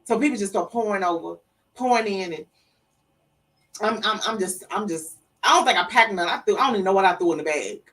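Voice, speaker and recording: A woman's voice: medium pitch, quick pace, far from the mic, poor audio. A middle-aged woman telling an emotional story in an interview, acting out the voices of the people in it. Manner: emotional, animated retelling with acted-out quotes. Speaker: interview guest. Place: studio.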